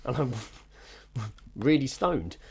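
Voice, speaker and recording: A man's voice: mid-range voice, big pitch swings, slow pace, husky. A man co-hosting a podcast, telling rambling, sweary anecdotes in casual chat. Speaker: podcast co-host.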